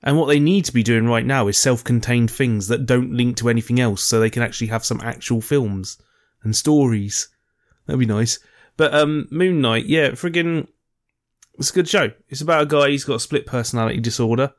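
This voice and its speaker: A man's voice: medium pitch, brisk. A man co-hosting a casual review chat, blunt and swearing offhandedly. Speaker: podcast co-host reviewing TV.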